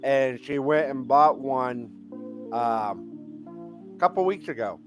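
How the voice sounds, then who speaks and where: A man talks slowly in a plain-spoken, halting manner during a casual chat. His voice sits at a mid pitch. Faint music plays in the background. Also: expressive. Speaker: guest.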